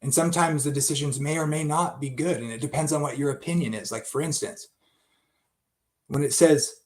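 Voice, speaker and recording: A man's voice: fairly high pitch, fairly quick, a little mellow. A man giving an unscripted Bible study talk, thinking aloud with many restarts and asides.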